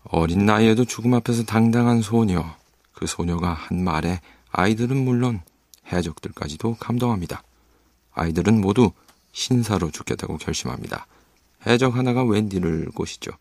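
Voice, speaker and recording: Fast-talking gravelly male storyteller. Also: lowish voice, darkish tone, no echo. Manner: chatty, asks listeners questions. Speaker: storyteller explaining the tale. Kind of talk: casual storytelling recap.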